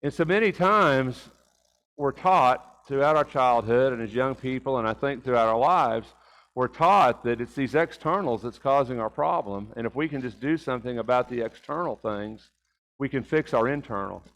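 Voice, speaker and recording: A man's voice: mid-range voice, normal speed, a bit bright, rough recording. A middle-aged man preaching a conversational sermon in a church, folksy, with rhetorical questions and a personal story. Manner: folksy, rhetorical questions, repeats words while talking. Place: church sanctuary.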